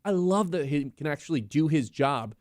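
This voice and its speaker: A man's voice: on the high side, lively intonation, normal speed, darkish tone, dry recording, clean studio sound. A man co-hosting a sports radio show, making emphatic points in a casual, opinionated way. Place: radio studio.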